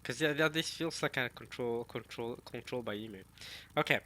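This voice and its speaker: A man reading a manga chapter aloud and reacting in casual chat, talking to his viewers and musing out loud. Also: medium pitch, a little fast. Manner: chatty, addresses viewers as y'all, muses aloud.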